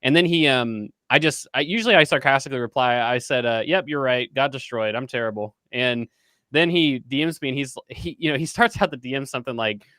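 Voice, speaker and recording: A man's voice: mid-range voice, a little fast, bright, forceful tone, no echo, clean studio sound. A man co-hosting a casual political talk show who speaks hesitantly, with many restarts. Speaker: podcast co-host.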